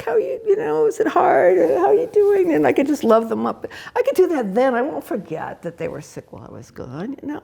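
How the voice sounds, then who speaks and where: A woman's voice: medium pitch, vocal fry, warm tone, breathy edge. An older woman Zen teacher giving a candid, laughing, conversational dharma talk and answering questions. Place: meditation hall.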